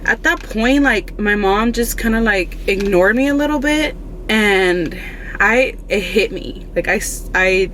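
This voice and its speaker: Young woman vlogging, rambling and emotional, says like and you know a lot, mid pitch. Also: lively intonation, a little slow, fairly bright tone, a little hiss or hum. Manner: emotional, confiding. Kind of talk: casual storytelling to viewers.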